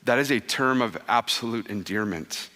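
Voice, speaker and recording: A man in his thirties, a pastor giving a conversational, animated sermon that drops soft and low for quoted words. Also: moderate pace. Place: church sanctuary. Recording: long reverb of a church hall.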